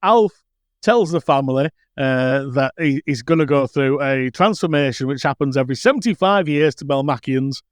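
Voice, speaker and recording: A man's voice: medium pitch, lively intonation, moderate pace, no room sound, clean studio sound. A man co-hosting a podcast in casual chat, joking and laughing often. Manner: chatty, laughs often, playful asides. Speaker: podcast co-host.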